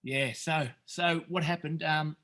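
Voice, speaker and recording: Middle-aged aussie bloke, raw and earnest, swears a lot, keeps restarting sentences, voice sits a bit high. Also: male voice, fairly even intonation, slow, sharp tone. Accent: Australian. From Australia. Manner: earnest, swears freely, calls people mate; rambling with many restarts. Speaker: podcast guest, retreat founder. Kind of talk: emotional storytelling.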